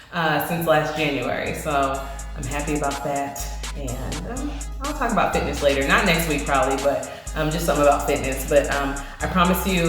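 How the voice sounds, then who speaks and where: A woman vlogging about her hair in a chatty, conversational way, a little out of breath. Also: low voice. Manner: chatty and conversational, full of fillers. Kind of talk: casual chat. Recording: very echoey room, faint music.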